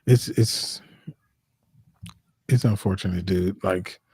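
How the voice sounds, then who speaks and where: A man's voice: sits low, fairly even intonation, takes it slowly, darkish tone, slightly rough, dry recording. A man co-hosting a casual livestream, laid-back and slangy in how he talks. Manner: laid-back, slangy, says dude and bro. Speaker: podcast co-host.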